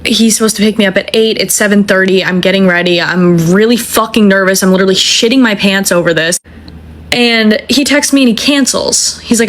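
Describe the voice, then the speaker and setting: A young woman in her twenties recounting a dating disaster in casual storytelling. She talks in an animated, swearing, self-mocking way, with a mid-range voice. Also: mid-range voice, brisk. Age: 20s.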